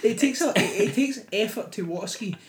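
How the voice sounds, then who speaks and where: Young man, sarcastic, sweary, a bit high-pitched, echoey room. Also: animated, brisk. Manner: sarcastic, sweary, reads aloud in a mock-dramatic voice. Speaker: podcast co-host. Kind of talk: casual chat.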